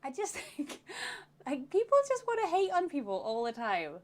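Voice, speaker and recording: A woman's voice: sits high, wildly swooping pitch, moderate pace. A young woman co-hosting a casual livestream, bubbly and laughing often as she talks. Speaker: co-host of motorcycle channel.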